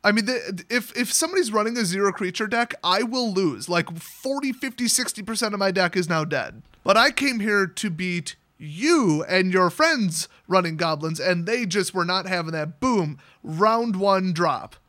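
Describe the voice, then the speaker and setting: A man's voice: sits high, animated, normal speed, hardly any pauses, bright, forceful tone. A young man telling a card game story in a casual, sarcastic, exasperated rant. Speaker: card game content creator.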